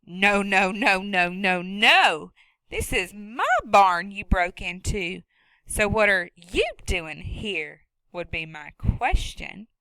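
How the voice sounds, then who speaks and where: A gruff, menacing farm woman with one wooden leg, loud and slow with a bright, forceful edge, as a woman reading an audiobook puts her on. The sound is close and dry. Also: mid-range voice, no echo, low-quality recording. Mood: indignant. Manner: loud, drawn-out, challenging.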